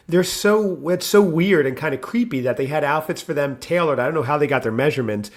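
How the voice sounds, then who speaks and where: A man co-hosting a casual podcast, wry and steering the conversation. His voice sits a little high, and he likes to act out scenes while he talks. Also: quick pace, hardly any pauses. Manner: wry, leads the discussion, acts out scenes. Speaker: podcast co-host. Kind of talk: casual chat.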